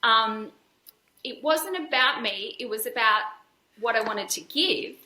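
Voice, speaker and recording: Bright-voiced woman in echoey room. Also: fairly high pitch, animated, a little slow. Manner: candid, earnest, with frequent fillers and restarts. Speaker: podcast guest, dance school founder. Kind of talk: reflective personal storytelling.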